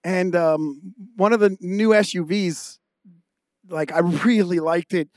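A sweet wife wheedles her husband over the phone for one pricey thing after another, as a man puts her on in a joke. The voice sits high and the sound is dry and close. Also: slow pace, darkish tone, no echo. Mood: coaxing.

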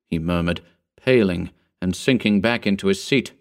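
A man reading an old story aloud in a measured, formal narration. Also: lowish voice. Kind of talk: scripted narration.

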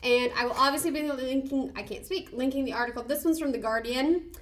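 A woman co-hosting a casual podcast chat, gushing and excitable, often giggling. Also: sits high, a little fast. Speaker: podcast co-host.

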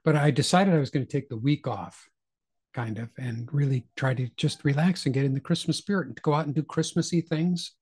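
A middle-aged man with a husky, slightly breathy voice talks in a loose, chatty way as a podcast co-host. He jokes about himself and keeps the conversation rolling. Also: fairly high pitch, brisk, a little mellow. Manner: chatty, joking, self-deprecating. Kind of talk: casual chat.

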